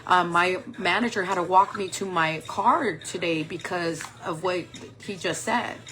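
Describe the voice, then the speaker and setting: A woman in her forties with a lowish voice tells a personal story off the cuff. She rambles candidly and leans on "like" and "um". A faint hiss sits under her voice. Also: a little slow, bright, forceful tone. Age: 40s. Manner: rambling, candid, heavy use of "like" and "um". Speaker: makeup vlogger.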